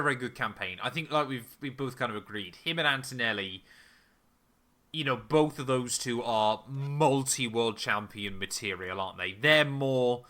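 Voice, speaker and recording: A man co-hosting a podcast, chatting casually with playful, animated asides. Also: medium pitch. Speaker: podcast co-host. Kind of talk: casual chat.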